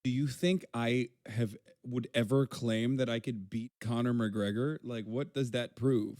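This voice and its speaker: A man's voice: medium pitch, steady tone, a little slow, a little mellow, no room sound. A man talks straight into the stream, answering chat with blunt, swear-laden remarks. His voice sits in a middling register. The sound is dry and close, with no room around it. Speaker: streamer reacting to a video. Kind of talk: casual live-stream commentary.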